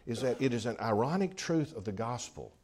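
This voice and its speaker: A pastor preaching a sermon in a conversational way, often restarting and repeating phrases. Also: male voice, mid-range voice, big pitch swings, fairly quick, a little mellow.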